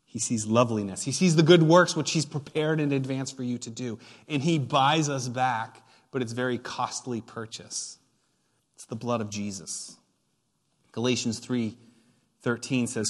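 A man's voice: mid-range voice, measured pace. A man preaching a sermon as pastor, retelling a story with playful asides and emphatic build-ups. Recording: long hall reverb.

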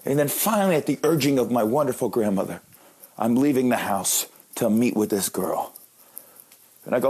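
A man in his late thirties tells comic stories about his life, joking at his own expense. His voice is husky and a bit breathy, at an ordinary male pitch. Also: normal speed, pauses often, darkish tone. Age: late 30s. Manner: joking, self-deprecating. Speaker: comedian. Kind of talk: comic storytelling monologue.

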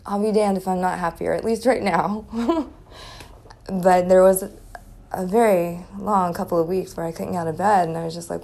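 On her solo podcast, a woman in her forties talks candidly with plenty of profanity and frequent laughter, a chipped tooth giving her a slight lisp. She speaks at a moderate pace in a steady, darkish voice on the low side.

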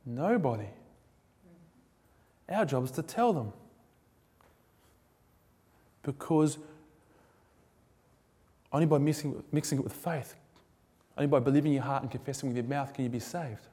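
High-voiced preacher in an echoey hall. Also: male voice, a little slow, pauses often. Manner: casual, joking, animated storytelling. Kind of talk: sermon. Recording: echoey hall with long reverb.

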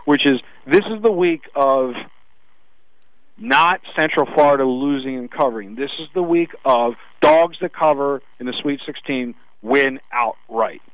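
A man co-hosting a sports radio show, pushing his betting picks in quick, insistent bursts. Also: medium pitch, no echo, muffled recording. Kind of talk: casual sports betting talk.

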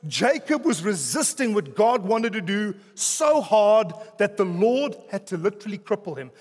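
A man preaching a sermon as pastor, pausing for effect, dropping soft on key words, with joking asides to the congregation. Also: high voice. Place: church hall. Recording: long reverb of a church hall.

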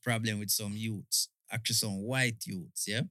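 Animated Jamaican man telling stories. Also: lowish voice, moderate pace, dry recording, studio quality. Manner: animated, patois-heavy storytelling. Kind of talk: casual storytelling chat.

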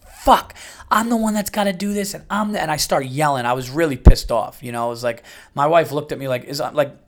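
A man in his late thirties telling stories in a casual, profane monologue, acting out quotes in raised voices. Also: medium pitch. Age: late 30s. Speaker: podcast host.

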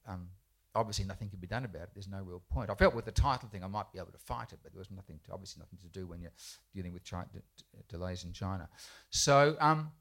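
A children's poet on a festival panel rambles through a self-deprecating anecdote for a live crowd in an indoor bookshop event space, frequently restarting. He has a mid-range, slightly bright voice.

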